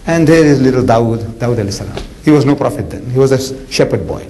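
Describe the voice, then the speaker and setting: A man giving a lively storytelling lecture as an Islamic preacher, chatty with many asides. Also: mid-range voice, fairly quick, a little hiss or hum, poor audio. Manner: animated, conversational, with frequent "you know" asides and acted voices.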